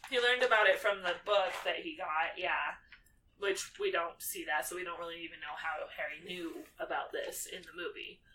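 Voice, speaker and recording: A woman's voice: lowish voice, normal speed, pushed and bright. A young woman co-hosting a podcast, casually recapping a film in a breezy way, swearing now and then and acting out characters. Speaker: podcast co-host. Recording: distant mic, faint background noise.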